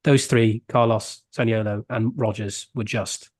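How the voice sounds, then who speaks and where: A man's voice: on the low side, steady tone, unhurried, dry recording. A man co-hosting a casual football podcast, breaking down a match in an earnest, analytical way with many fillers. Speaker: podcast co-host. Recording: dry close mic.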